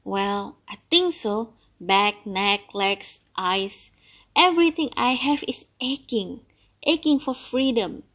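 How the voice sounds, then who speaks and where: A sly, boastful old turtle from a storybook, coaxing slowly and laughing loudly in his glee, as a woman reads him. The voice sits a little high and unhurried. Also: expressive, full character voice. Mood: weary. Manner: coaxing, then loudly gleeful.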